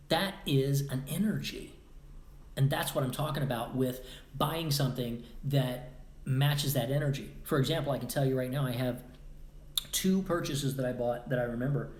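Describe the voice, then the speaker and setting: Male podcast host, lively motivational talker who wanders off topic, roomy echo on the mic. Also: mid-range voice. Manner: animated, acts out quoted voices, rambling asides. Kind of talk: motivational monologue.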